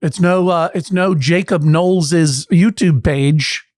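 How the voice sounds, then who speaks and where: A man's voice: fairly high pitch, takes it slowly, darkish tone, no room sound, studio quality. A man hosting a comic mock courtroom show, wry and playful with rambling asides. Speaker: podcast judge host.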